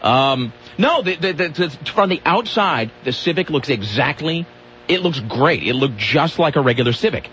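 Male radio host, lively rambling banter, muffled lo-fi broadcast, faint hum. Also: fairly high pitch, normal speed. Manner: rambling, animated storytelling. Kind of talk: casual radio chat.

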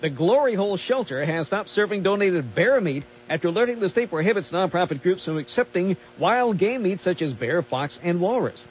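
A man reading odd news stories on a talk radio show in a dry, deadpan way. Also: sits high, brisk, few pauses, highs cut off, a little hiss or hum.

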